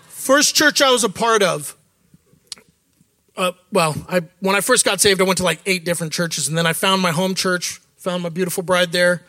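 A man preaching in a candid, conversational way, often slipping into quoted asides. His voice sits high for a man and rings bright and forceful. The recording is close and dry. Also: moderate pace, no echo. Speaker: associate church leader. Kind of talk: sermon.

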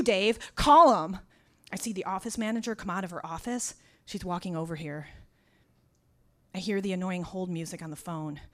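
A woman telling a personal story out loud, dry and wry, turning raw and intense as it goes. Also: lowish voice. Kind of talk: first-person spoken storytelling.

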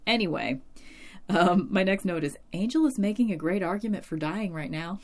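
Low voiced woman ranting casually about a tv episode, lots of likes and ums, curses a bit. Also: moderate pace. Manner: opinionated, animated, swears and laughs, many fillers. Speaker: TV episode reviewer. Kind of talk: casual commentary recap.

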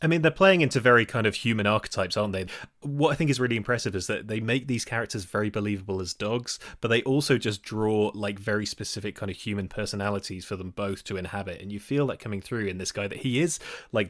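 A man's voice: fairly low pitch, a bit bright, no echo, clean studio sound. A man co-hosting a podcast, enthusiastically leading a film discussion. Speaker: podcast co-host.

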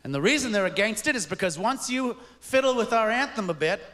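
A male stand-up performs a wry, punchy set at a live taping, his high-pitched voice animated, brisk and a bit bright as he chuckles through punchlines. Expect an echoey venue with crowd noise, laughter and ambience.

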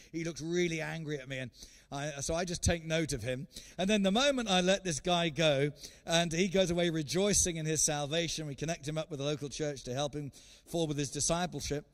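A man preaching a sermon as an evangelist guest speaker, telling a story in an animated way and often repeating words. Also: a little high, brisk. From England.

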